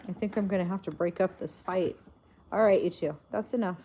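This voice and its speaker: A woman chatting softly to her pets and viewers in doting baby talk, sometimes singing a lullaby. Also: fairly low pitch, brisk, slight background noise. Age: adult with a daughter. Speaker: pet vlogger. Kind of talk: casual chat to pets and viewers.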